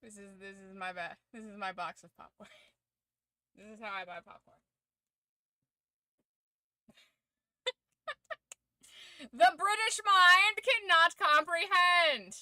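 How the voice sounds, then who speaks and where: A woman's voice: mid-range voice, steady tone, measured pace, pauses often, bright, forceful tone, no room sound. A woman streamer chatting casually to her viewers, laughing often and swearing freely. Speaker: streamer hosting a watch-along. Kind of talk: casual chat.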